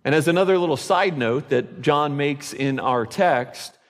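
A man preaching a sermon at a slow, deliberate pace, his earnest and reflective delivery leaning on repetition for emphasis. His voice sits a little high for a man. It rings out with a long reverb, as in a church sanctuary. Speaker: pastor. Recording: reverberant hall.

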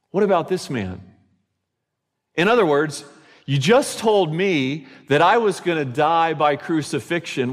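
Slow, earnest male preacher in a hall. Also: on the high side. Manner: earnest, reflective preaching with emphatic repeated phrases. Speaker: pastor. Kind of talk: sermon. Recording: reverberant hall.

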